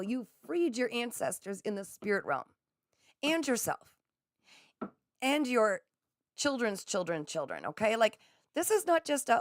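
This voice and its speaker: A woman's voice: mid-range voice, no echo, studio quality. A woman giving a live tarot reading, effusive and encouraging, speaking straight to her viewers. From Canada. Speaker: psychic reader.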